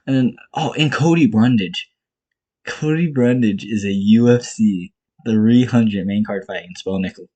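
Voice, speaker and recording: Husky-voiced young man ranting bluntly. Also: on the low side, unhurried, mellow. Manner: blunt, profane and exasperated, ranting in short repeated bursts. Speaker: MMA commentator vlogger. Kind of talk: casual ranting vlog.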